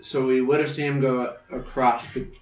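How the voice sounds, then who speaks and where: A man's voice: medium pitch, level tone, normal speed, reverberant, recorded from a distance, poor audio. A man playing a tabletop game, asking hesitant questions that often restart. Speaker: player. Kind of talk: casual tabletop game chat.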